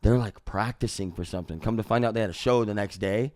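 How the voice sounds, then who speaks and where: A man from Missouri, a musician guest on a podcast, telling a story in a casual, profane way. He jumps into loud re-enactments of what was said. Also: fairly low pitch, quick pace, no room sound, clean studio sound. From Missouri, USA.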